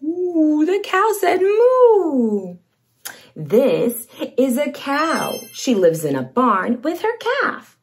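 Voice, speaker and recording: A young woman hosting a toddler read-along lesson, speaking slowly and playfully and imitating farm animal sounds. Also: high voice, wildly swooping pitch, slight background noise. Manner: slow, sing-song, exaggerated for toddlers, imitates animal sounds. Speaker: children's show host.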